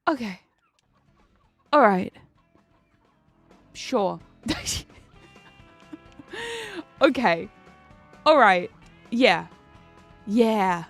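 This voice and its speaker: A woman's voice: medium pitch, animated, very slow, pauses often, soft background music. A woman streamer chatting casually while gaming, swearing freely and laughing often at a desk microphone.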